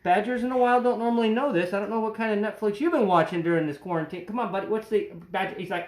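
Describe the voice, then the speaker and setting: A man's voice: high voice, fast talker, few pauses. A man hosting an educational animal show, chatting playfully and cracking jokes as he handles the animals. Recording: roomy echo.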